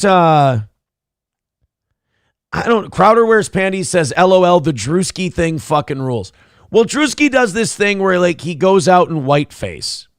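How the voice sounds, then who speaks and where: A man's voice: a little high, no room sound, clean studio sound. A man hosting a morning talk show, riffing in a profane, sarcastic, rambling way. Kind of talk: casual comedic commentary.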